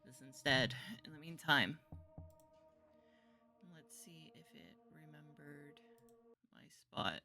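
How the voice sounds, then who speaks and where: A woman's voice: low voice, lively intonation, slow, pauses often, bright, forceful tone. A very tired woman streaming a game, reading its story aloud in a sleepy, rambling way. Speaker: gameplay streamer. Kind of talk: reading a visual novel aloud while playing.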